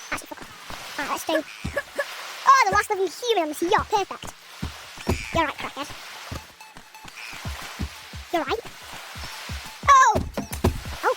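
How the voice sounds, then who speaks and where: A woman giving cheeky, rowdy commentary over her VR gameplay, swearing freely. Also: very high-pitched. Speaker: gaming vlogger. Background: loud game music.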